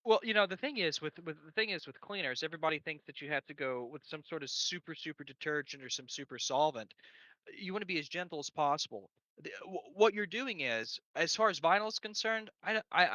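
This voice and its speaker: An electronics repair guest explains how to clean electronics in casual talk, rambling, restarting often and cracking crude jokes. His voice is fairly high and sharp, and the lo-fi recording sounds dry and dull with no echo.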